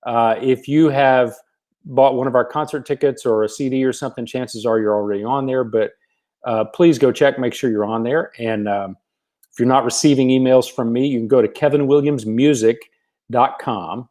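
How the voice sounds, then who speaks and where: A man's voice: mid-range voice, steady tone, normal speed. Folksy man greeting livestream viewers. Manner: folksy, warm greetings by name, frequent fillers. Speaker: gospel singer hosting a livestream.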